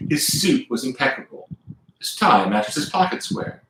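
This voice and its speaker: A man's voice: mid-range voice, moderate pace, very echoey, slight background noise, rough recording. A man with a Southern US accent reading aloud from his own book on a live stream, now and then stopping to chat with viewers. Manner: lively reader who stops to chat with viewers.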